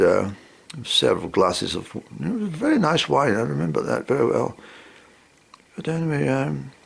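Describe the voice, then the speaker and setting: A man's voice: lowish voice, gravelly, slightly rough. A man telling a humorous personal anecdote in a rambling way, full of fillers and asides. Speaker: storyteller.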